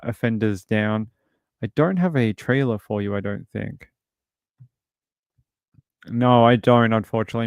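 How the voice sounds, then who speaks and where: A man's voice: lowish voice, smooth, dry recording, clean studio sound. A British man hosting a true crime livestream, talking casually and reading out chat messages. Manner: rambling, reads chat aloud. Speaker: streamer host.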